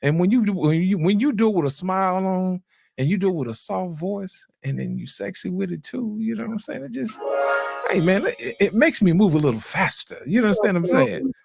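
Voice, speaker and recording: A man's voice: high-pitched, sing-song, fairly quick, creaky, background noise. A man hosting a casual panel discussion, calling on guests and often asking "you know what I'm saying".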